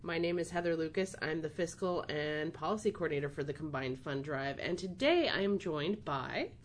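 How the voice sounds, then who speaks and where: A woman's voice: deep voice, animated, moderate pace. Chatty, teasing woman podcast host. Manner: chatty, laughs often, teasing. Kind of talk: casual chat.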